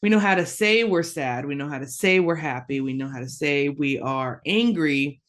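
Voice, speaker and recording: A woman teaching a language lesson, slow and patient, repeating words for learners to echo. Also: low voice, a little hiss or hum.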